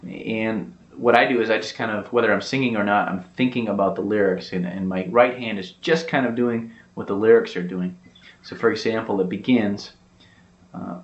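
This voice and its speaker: A man's voice: lowish voice, fairly even intonation, moderate pace, muffled recording. Easygoing man teaching guitar, roomy sound. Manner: easygoing, explains step by step with many fillers. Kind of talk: casual guitar tutorial.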